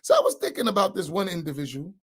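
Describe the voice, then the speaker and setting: A man's voice: high voice, huge pitch swings, fast, fairly bright tone, husky. A man, an imam giving an informal religious class, who talks in a conversational way, keeps checking in with his listeners and repeats key points for emphasis.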